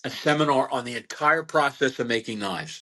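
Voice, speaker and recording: A man's voice: medium pitch, moderate pace, sharp tone. An older American man, a veteran butcher, telling rambling stories as a podcast guest, with frequent restarts and laughs. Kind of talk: casual storytelling interview.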